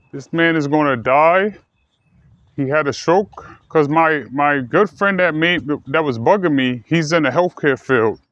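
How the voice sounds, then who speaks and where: A man telling a personal story in a halting way, with many fillers, restarts and repeated words. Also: a little high, a bit bright, no echo. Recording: dull, dry lo-fi sound.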